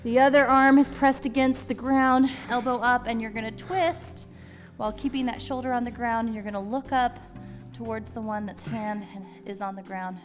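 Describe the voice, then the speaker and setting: A woman's voice: fairly high pitch, steady tone, normal speed, in a large hall, faint music behind. A woman leading a follow-along home workout, giving encouraging step-by-step cues. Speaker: fitness instructor.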